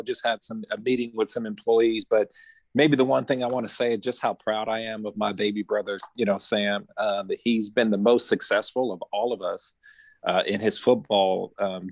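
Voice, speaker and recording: Low-voiced man, dry close sound. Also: no echo. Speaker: guest, older brother. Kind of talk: casual interview. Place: office.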